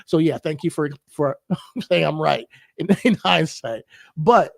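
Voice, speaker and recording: A man co-hosting a podcast in casual chat, animated and laughing, getting emotional as he talks. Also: fairly high pitch, a little slow, creaky, no echo. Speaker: podcast co-host.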